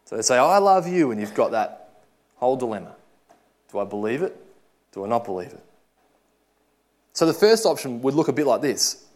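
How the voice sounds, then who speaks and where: A man preaching a sermon, earnest, swinging from loud urging to soft, quiet asides. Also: medium pitch, lively intonation, fairly quick, pauses often.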